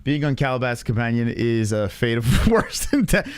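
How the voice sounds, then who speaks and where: A man's voice: medium pitch, moderate pace, smooth, no room sound. A man hosting a casual reaction stream, swearing freely and laughing often. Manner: profane, laughs often, animated. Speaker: streamer host.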